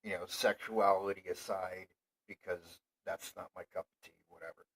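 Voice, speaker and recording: A man's voice: deep voice, steady tone, normal speed, slightly rough, low-quality recording. Foul-mouthed man on a rambling rant. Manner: swearing constantly, rambling, flares into shouting. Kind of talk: profane ranting monologue.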